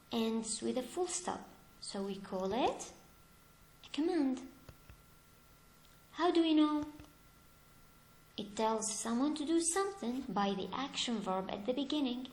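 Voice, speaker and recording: A woman teaching English grammar, asking her class questions and answering them herself as she explains each example. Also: sits high. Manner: lively, stresses examples with rising emphasis. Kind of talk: slow, deliberate classroom explanation. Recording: echoey room.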